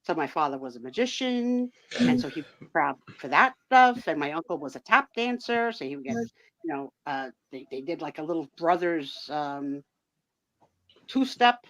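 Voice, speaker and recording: A woman's voice: low-pitched, animated, moderate pace, a bit bright, no echo. A woman hosting a live sale and chat, telling stories in a chatty way and laughing often. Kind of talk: casual chat. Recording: dull, dry lo-fi sound.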